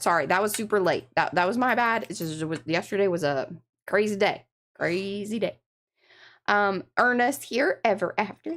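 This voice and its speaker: A woman hosting an art livestream, chatting casually and greeting viewers by name. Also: fairly high pitch. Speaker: livestream art show host.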